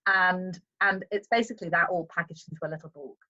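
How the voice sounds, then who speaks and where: A woman with a soft Liverpool accent, a guest author chatting casually on a podcast in an upbeat way and laughing often. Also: on the low side, quick pace, highs cut off. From England.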